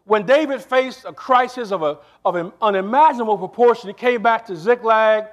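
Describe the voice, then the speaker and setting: A male pastor preaching a sermon to his congregation, stressing lines slowly and then rushing through asides, and often asking the room for a response. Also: high-pitched. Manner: shifts between slow stressed phrases and quick asides.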